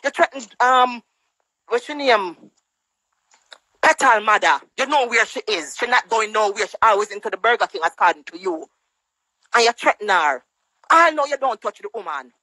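A woman's voice: lively intonation, moderate pace, pauses often, sharp tone, no room sound, poor audio. A woman with a Jamaican accent ranting angrily on a social media live stream over a phone, scolding and mocking in patois. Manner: angry, scolding, mocking quotes in higher voice. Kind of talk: heated live-stream rant.

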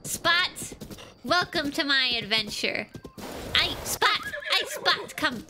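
A young woman streaming a video game, chatting casually with lively outbursts, yelps and mock threats. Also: high voice, takes it slowly. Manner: excitable, yelps and playful threats. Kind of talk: casual gameplay commentary. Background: game music.

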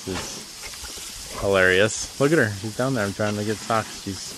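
A man's voice: lowish voice, measured pace. A man homesteader chatting casually and fondly to his pigs outdoors on a farm, using doting baby talk. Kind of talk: casual vlog chat with animals. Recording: outdoor farm noise and animals.

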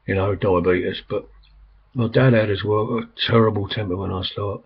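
Rambling older Englishman, husky voice. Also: fairly low pitch, steady tone, normal speed. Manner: meandering, many ums and restarts. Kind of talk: rambling casual monologue. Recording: slightly dull, lo-fi recording.

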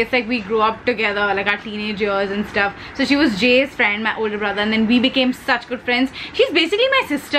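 Chatty Indian woman, slightly high voice. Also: sharp tone, a little hiss or hum, poor audio. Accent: Indian English. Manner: chatty and playful, slips Hindi words in. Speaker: beauty vlogger. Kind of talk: casual chat while doing makeup.

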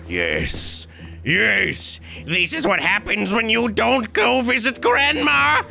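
A man voicing a spiteful, vengeful old grandmother in a video game with a creaky, cackling manner. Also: sits high, big pitch swings, pushed and bright, soft background music, voice pushed up, heavily acted. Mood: taunting. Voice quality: creaky, crackly old-lady voice. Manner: drawn-out taunting, cackling.

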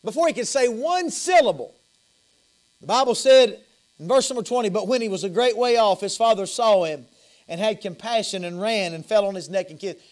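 A man's voice: sits high, brisk. A man with a Southern US accent preaching an evening sermon as pastor, impassioned, repeating and restarting phrases. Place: church sanctuary.

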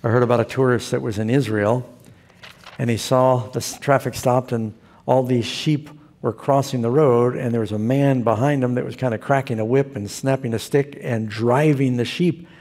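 A man preaching a sermon in an easy, folksy storytelling manner. His voice is gravelly and husky, with a rough edge all through. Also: mid-range voice, steady tone, moderate pace, darkish tone. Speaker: pastor.

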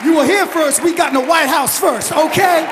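A man voicing an excited, proud character who shouts and repeats himself boastfully. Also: very high-pitched, brisk, big-room sound, music in the background, crowd noise. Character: excited, proud man cheering a political win.

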